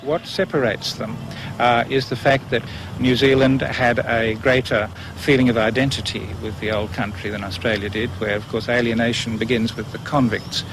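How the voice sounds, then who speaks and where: A man's voice: medium pitch, steady tone, normal speed, over music. A man, a language scholar, explaining thoughtfully with frequent fillers. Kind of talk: interview explanation. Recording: noisy background sound.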